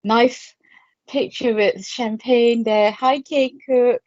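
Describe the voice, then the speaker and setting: A woman's voice: a little high, fairly even intonation, takes it slowly, darkish tone, no echo, dull audio. A woman in her fifties from Malaysia, a psychic artist chatting casually on a livestream and greeting viewers by name with frequent laughs. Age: 50s.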